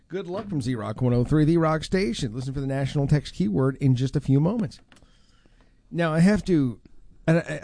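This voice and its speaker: A man hosting a radio show, telling a story in an animated, teasing way. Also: a little high, no echo. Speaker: radio host. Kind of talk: morning radio banter. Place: radio studio.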